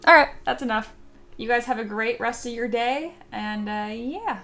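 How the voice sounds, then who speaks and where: A woman's voice: fairly high pitch, normal speed, fairly bright tone, faint music behind. A young woman streamer chatting casually with her viewers, swearing and playing up dramatic mock outrage. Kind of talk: casual live-stream chat.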